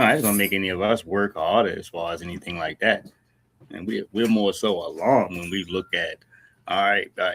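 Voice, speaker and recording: A man's voice: lowish voice, fairly bright tone. A man hosting a commentary stream, talking emphatically and asking "all right?" over and over. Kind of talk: livestream commentary.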